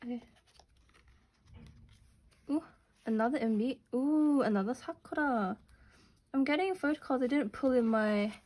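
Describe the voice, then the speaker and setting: A young woman doing casual unboxing commentary, gushing and gasping with excitement over what she pulls. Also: on the high side. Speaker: unboxing vlogger.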